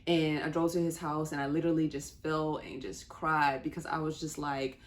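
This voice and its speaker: A woman's voice: sits low, flat delivery, moderate pace. A young woman telling a personal story in a candid, conversational way, with small laughs between sentences. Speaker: vlogger.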